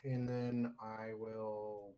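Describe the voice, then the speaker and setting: A man's voice: lowish voice, level tone, extremely slow, highs cut off, a little hiss or hum. A man playing a tabletop game, explaining his moves in a casual, rambling way. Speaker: player.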